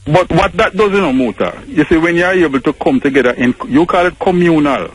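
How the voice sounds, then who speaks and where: A man's voice: fairly high pitch, fairly quick, slightly rough, no room sound, poor audio. A Jamaican man calling in to a radio show, making his points with rhetorical questions. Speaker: caller. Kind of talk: radio call-in chat.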